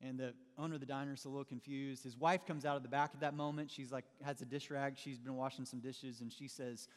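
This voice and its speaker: A man preaching a sermon, telling a story with lively storytelling and shifts in pace. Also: mid-range voice, fast talker, in a large hall.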